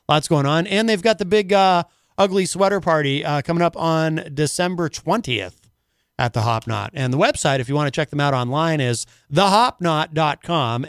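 A man's voice: a little high, smooth, no echo, studio quality. A man hosting a casual talk radio show, rambling and full of filler words.

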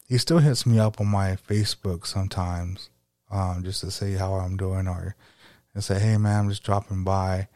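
A young man with a low, mellow voice hosts a casual podcast. He tells stories in a relaxed, rambling way with plenty of fillers. The sound is dry and close. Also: dry recording. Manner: rambling, laid-back, many fillers. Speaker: podcast host.

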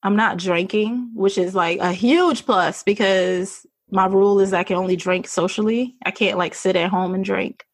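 A woman's voice: medium pitch, steady tone, moderate pace, hardly any pauses, no echo. A woman guest candidly telling a personal story, chatty, laughing often and acting out what people said. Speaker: podcast guest.

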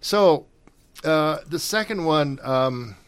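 A man's voice: on the high side, lively intonation, slow pace, clear, resonant tone, no echo. An older man chatting casually, rambling with many fillers and restarts. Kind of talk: casual chat.

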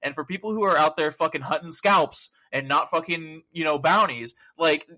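A man co-hosting a casual gaming podcast, animated and profane, acting out quotes in a loud voice. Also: fairly high pitch, moderate pace. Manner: animated, swearing, acts out quotes loudly. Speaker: podcast co-host.

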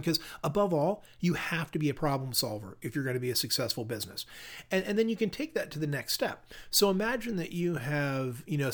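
A middle-aged man hosting a solo podcast, coaching listeners on customer service in an upbeat, question-filled way. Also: mid-range voice.

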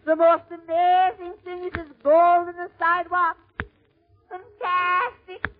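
A man putting on a wide-eyed newcomer, high and astonished. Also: level tone, a little slow, slight background noise. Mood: amazed. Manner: high, wondering, breaking into cries. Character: amazed newly arrived Irish immigrant man. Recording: tinny lo-fi old recording.

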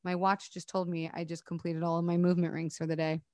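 A woman's voice: lowish voice, little pitch movement, fast, a little mellow, dry recording. A young woman hosting a casual solo podcast, chatty and bubbly, swearing freely as she rambles. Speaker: podcast host.

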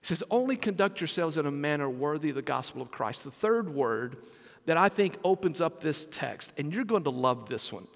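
Pastor, male, high voice, animated sermon delivery with call-and-response, church reverb. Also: normal speed. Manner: animated preaching, asks congregation to repeat words. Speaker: senior pastor.

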